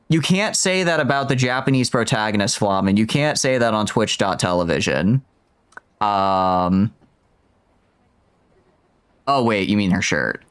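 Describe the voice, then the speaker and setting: A man chats casually through a gaming live stream, rambling and making fun of himself. His voice sits low but moves through a wide, animated range of pitch. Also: clear, resonant tone. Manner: joking, rambling, self-mocking. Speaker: game streamer.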